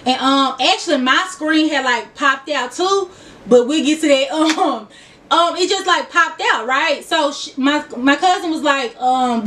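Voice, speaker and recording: High-voiced, giggly woman with a Memphis accent. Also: normal speed, bright, forceful tone, distant mic. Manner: chatty, giggly, talks straight to viewers. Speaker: vlogger. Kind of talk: casual get-to-know-me chat.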